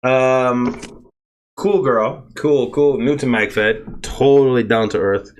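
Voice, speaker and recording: A man's voice: medium pitch, slow pace, slight background noise. A man hosting a casual podcast chat, rambling and repeating himself with many fillers. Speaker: podcast host.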